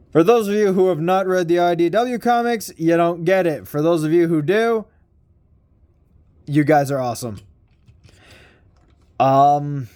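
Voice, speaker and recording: A man's voice: on the high side, darkish tone, dry recording. A young man casually reviewing a toy in a rambling, slangy vlog style with mild swearing.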